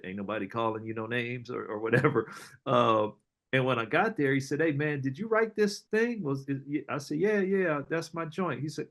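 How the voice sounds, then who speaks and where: A middle-aged man, an entrepreneur guest, telling casual stories in an animated, slangy way, often acting out other people's lines. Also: on the low side. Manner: animated storyteller, slangy, acts out quoted voices, laughs often. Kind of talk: casual storytelling interview.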